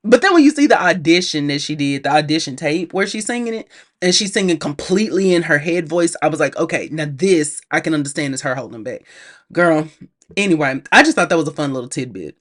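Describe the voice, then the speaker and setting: A woman giving a casual movie review, chatty and animated, laughing often and talking straight to her viewers. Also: sits low, fast talker. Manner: addresses viewers directly, acts out characters' lines.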